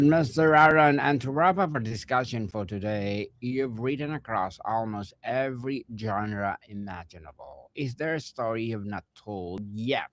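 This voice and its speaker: A man hosting a podcast interview who asks formal, measured questions. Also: mid-range voice, no room sound. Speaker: podcast host.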